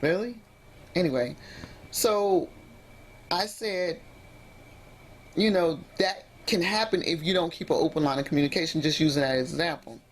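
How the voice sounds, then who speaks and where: An emotionally upset woman vlogs about personal drama in an emotional storytime, rambling and often restarting her sentences. Her pitch is fairly low, her speed normal, and she leaves long pauses.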